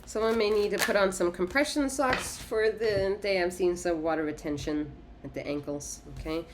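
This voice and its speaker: A woman's voice: medium pitch, normal speed, background noise. A woman giving a casual tarot reading in an emphatic, repetitive way, swearing and laughing often. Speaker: tarot reader.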